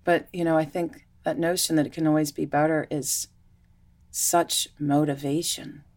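A woman who teaches yoga to children, telling stories in a lively, chatty way during a relaxed conversation. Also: low-pitched, normal speed. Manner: animated, chatty storytelling. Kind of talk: casual conversation.

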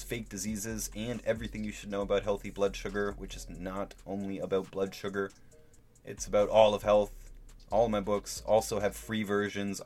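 A man's voice: on the low side, darkish tone. A man hosting his own podcast, talking casually through a book and reading out passages. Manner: conversational, thinks aloud, reads out quotes. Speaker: podcast host reviewing a book. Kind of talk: casual solo podcast talk.

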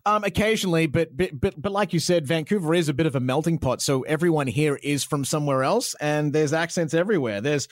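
A man's voice: fairly high pitch, fast, few pauses, no room sound, studio quality. A man in his thirties with an Australian accent, a radio presenter talking frankly as an interview guest, full of restarts. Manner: chatty, frank, many restarts and fillers. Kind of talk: casual interview chat.

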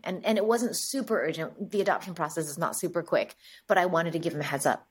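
Husky lowish woman from the us, guest on an interview, tells stories really animated. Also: fast talker. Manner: lively storyteller, acts out dialogue. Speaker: guest, agency chief executive. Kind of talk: interview storytelling.

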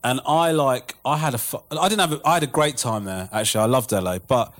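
A man telling a story in casual chat, animated and profane, laughing as he goes. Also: mid-range voice, fast. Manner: animated, swearing, laughing through stories.

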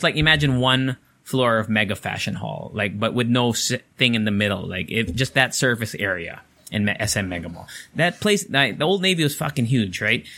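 A man's voice: medium pitch, bright, forceful tone. A young man, telling a story in casual, rambling talk full of swearing and fillers.

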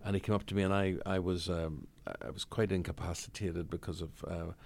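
Brief: Northern Irish broadcaster in his 60s, raconteur, deep and gravelly. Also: brisk. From Northern Ireland. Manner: lively raconteur, blunt, swears freely. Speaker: guest, broadcaster. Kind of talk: anecdotal storytelling in conversation.

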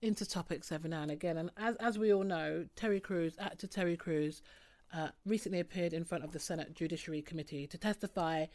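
A woman's voice: on the low side, fast talker, a little mellow. A woman hosting a podcast, talking casually and turning to a serious topic. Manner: chatty, turning serious, with fillers. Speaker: podcast host.

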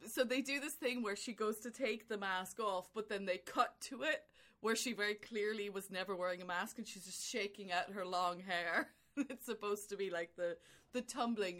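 A woman's voice: medium pitch, moderate pace. Woman, podcast co-host, casual movie chat, rambling, laughs a lot. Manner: animated, laughs often, rambling storytelling.

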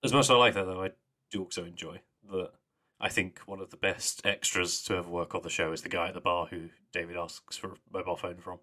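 A man's voice: low voice, steady tone, fast talker, hardly any pauses, sharp tone. A young man co-hosting a podcast, chatting casually with laughs and trailing mumbles. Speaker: podcast co-host. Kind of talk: casual chat.

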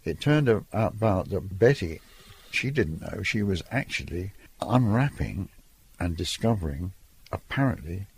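A man's voice: deep voice, darkish tone, slightly rough. An older man from Ireland, a photographer telling stories from his career in a chatty, reminiscing interview. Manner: reminiscing, chatty, laughs between lines. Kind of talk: storytelling interview.

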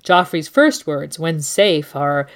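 A woman co-hosts a discussion and lays out her points in a critical, analytical way. Her voice sits on the lower side for a woman. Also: big pitch swings, slow pace. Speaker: co-host. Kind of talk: book and TV analysis.

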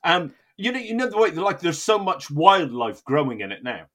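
A man hosting a comedy podcast. His voice sits a bit higher than most men's and leaps around in pitch as he swears and riffs in mock outrage. It sounds casual and playful, like chatting with a friend. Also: big pitch swings, normal speed, fairly bright tone.

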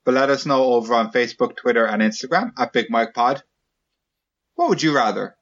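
A man's voice: medium pitch, lively intonation, a little fast, highs cut off. A man hosting a podcast, chatting in a jokey way and summing up the topic. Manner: jokey, asks questions and sums up. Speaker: podcast host. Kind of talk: casual chat.

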